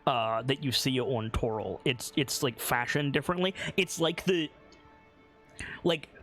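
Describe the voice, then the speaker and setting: A man running a tabletop game, describing the scene slowly with many ums and restarts. His pitch sits in a middle range, and soft music plays under him. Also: expressive. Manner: unhurried, many fillers and restarts. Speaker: game master.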